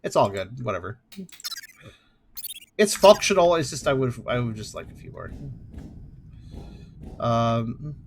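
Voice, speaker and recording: A man narrates his own playthrough of a game, his voice rising and falling in an animated way. He chats casually, trails off into little asides and laughs at his own jokes. A faint hum sits under the recording. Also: medium pitch, unhurried, pauses often. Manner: chatty, muttering asides, laughs often. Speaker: let's play host. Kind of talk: gameplay commentary.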